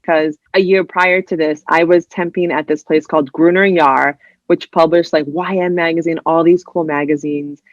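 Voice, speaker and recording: A woman from New Jersey, a writer guesting on a podcast, telling stories in a casual, animated way, full of "like" and "you know," and acting out other people's voices. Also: low voice, moderate pace, no room sound, highs cut off. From New Jersey, USA. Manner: heavy use of "like" and "you know". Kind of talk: casual interview storytelling.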